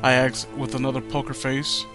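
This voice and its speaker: A man's voice: mid-range voice, monotone, moderate pace, music in the background. A man hosting a mocking dramatic reading of fan fiction, with sarcastic asides and frequent stumbles over words.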